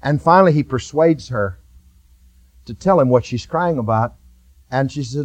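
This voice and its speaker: A man's voice: mid-range voice, moderate pace, long pauses, dry recording, muffled recording. A man preaching a sermon to his church with rising fervor, repeated phrases and folksy asides. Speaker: pastor.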